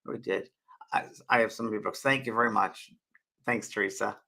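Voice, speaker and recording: A man hosting a casual live stream, answering viewers' questions in a rambling, halting way and often repeating his words. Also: lowish voice, fairly even intonation, vocal fry, bright, forceful tone, poor audio. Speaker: host and spiritual medium.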